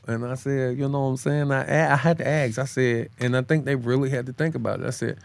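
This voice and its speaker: A man co-hosting a casual chat, talking in slang, calling his listener bro, and jumping up in pitch to press his points. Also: a little fast, gravelly, few pauses, no echo. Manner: animated, swings his pitch high when making a point. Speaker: podcast co-host.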